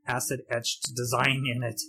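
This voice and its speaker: Man, podcast co-host, casual film commentary, rambling, halting, laughs often. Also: medium pitch, monotone, sharp tone.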